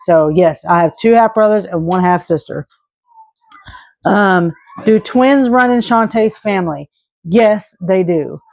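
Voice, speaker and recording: A woman's voice: fairly low pitch, a little slow, vocal fry, a little mellow, no echo, highs cut off. A woman in her thirties from Arkansas, answering viewer questions in an earnest, rambling, casual way. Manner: earnest and rambling, with many restarts and fillers. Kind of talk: casual Q&A chat.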